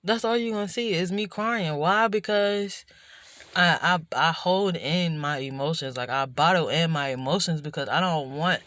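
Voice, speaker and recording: A woman's voice: low voice, normal speed, fairly bright tone, no room sound. Dry, close-sounding woman vlogger musing. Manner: rambling and introspective, many restarts and "you know". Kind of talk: reflective personal vlog monologue. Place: indoors at night in the dark.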